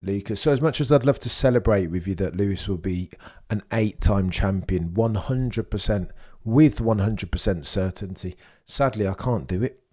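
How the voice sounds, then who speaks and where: A man's voice: on the low side, normal speed, hardly any pauses, darkish tone. A young man hosting a casual live watchalong stream, chatting and answering viewers' messages as he talks. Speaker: livestream host.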